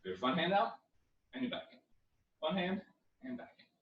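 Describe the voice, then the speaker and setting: A young man leads a karate lesson from his living room, calling out drills and shouting on each punch. His voice sits a little high and is picked up from across an echoey room. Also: big pitch swings, normal speed, creaky, lo-fi sound. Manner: coaching, counting drills with loud yells. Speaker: karate instructor. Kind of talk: online exercise class. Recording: echoey room, far from mic.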